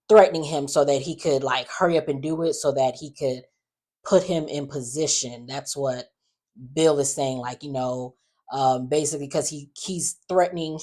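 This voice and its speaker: A woman's voice: low voice, darkish tone. A woman hosting a soap opera recap, chatty and opinionated with sassy asides. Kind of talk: casual recap commentary.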